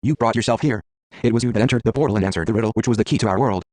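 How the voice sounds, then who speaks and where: A man's voice: lowish voice, very fast, a little mellow, slight background noise, natural voice. A man voicing a proud, stern female tree spirit who scolds in a haughty way.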